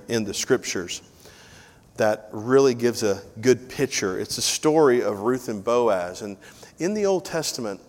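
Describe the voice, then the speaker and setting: A male pastor delivering a live sermon, mixing casual asides and self-deprecating jokes with repeated lines for emphasis. His mid-range voice rings out with a long reverb tail from the sanctuary. The delivery is conversational rather than formal. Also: mid-range voice. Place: church sanctuary. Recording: live church audio with long hall reverb.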